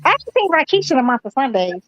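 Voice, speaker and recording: A woman's voice: high-pitched, sing-song, fast talker, fairly bright tone, no echo, lo-fi sound. A woman chatting casually on an online panel, slangy and profane. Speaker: panelist on an online boxing chat. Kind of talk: casual group chat.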